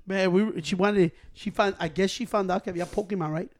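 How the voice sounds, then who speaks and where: A man in a casual chat, telling animated, profane stories and slipping into Spanish. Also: high voice, fast talker.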